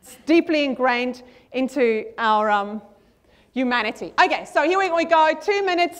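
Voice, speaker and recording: High-voiced, energetic woman speaker. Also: moderate pace. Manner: energetic, emphatic, repeats key lines and checks the audience follows. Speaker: motivational conference speaker. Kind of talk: motivational talk leading a group affirmation. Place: conference hall with a screen.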